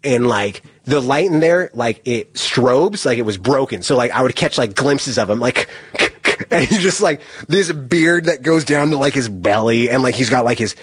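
Husky man telling a rambling story. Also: mid-range voice, lively intonation, normal speed, no echo. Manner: rambling, heavy "like" filler, laughs at himself. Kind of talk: casual spoken storytelling.

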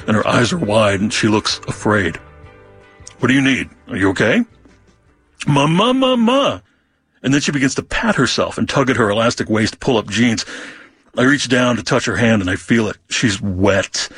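A man narrating a personal story in the first person, candid and wry with deadpan humor. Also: on the low side, slightly rough. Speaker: memoir narrator.

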